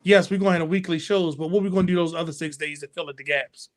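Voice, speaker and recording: A man co-hosting a wrestling talk show, talking in an animated way and acting out fan reactions. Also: fairly high pitch, fast talker. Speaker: podcast co-host. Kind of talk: casual chat.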